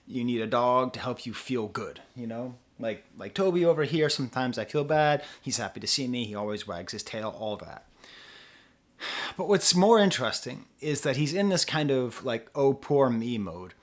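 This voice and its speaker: Rambling male music reviewer, unscripted. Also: mid-range voice. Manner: rambling, self-interrupting, quick asides and laughs.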